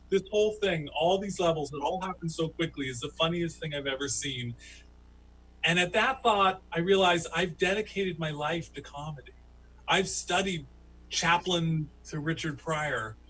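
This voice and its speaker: A man doing a stand-up comedy story who laughs at his own tale and jumps into high, squeaky voices for the people he quotes. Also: normal speed, sharp tone, slight background noise, rough recording. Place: home, virtual show.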